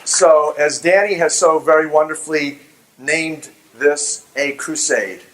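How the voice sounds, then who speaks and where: A man's voice: fairly high pitch, measured pace, rough recording. A middle-aged man giving a fervent, religious public talk, telling a story and acting out the voices of the people in it. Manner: animated storyteller who acts out quoted voices. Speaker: public speaker.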